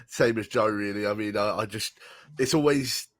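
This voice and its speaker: A man's voice: lowish voice, moderate pace, fairly bright tone, no room sound. Stammering man with a dry close sound. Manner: stammering, chuckles between thoughts. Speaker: podcast co-host. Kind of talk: casual fan podcast chat.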